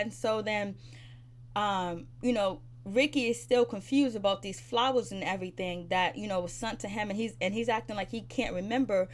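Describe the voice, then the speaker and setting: Woman reviewer, slightly high voice, casual chatty recap, acts out the characters' lines. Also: normal speed. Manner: chatty, loose retelling with many fillers, voices characters' lines. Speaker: TV episode reviewer.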